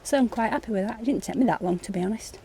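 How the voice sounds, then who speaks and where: A woman with a mid-range, dark voice chats rapid-fire to her hand-held phone camera while moving around her allotment and home. She speaks fondly to her chickens and pets in this casual vlog. The outdoor phone recording is noisy.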